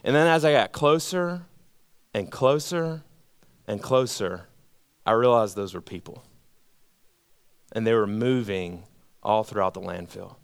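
A man preaching a sermon, telling a story and letting his voice drop low and quiet at the heaviest moments, then building with emphatic repeated phrases. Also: moderate pace, vocal fry, pauses often, clear, resonant tone, no echo, clean studio sound. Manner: storytelling, drops low and quiet at emotional points. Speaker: pastor.

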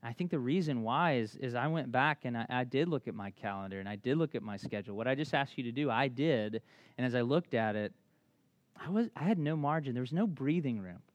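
A man preaching a sermon as a pastor, candid and conversational, often restarting his sentences, slowing and softening for reflective passages. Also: mid-range voice, expressive, no room sound, muffled recording.

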